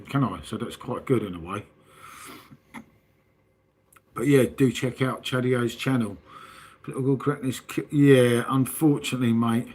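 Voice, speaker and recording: A man with a southern English accent, chatting casually and rambling to his livestream viewers, full of tag questions and "mate". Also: mid-range voice. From southern England. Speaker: livestream host. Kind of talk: casual chat with live chat.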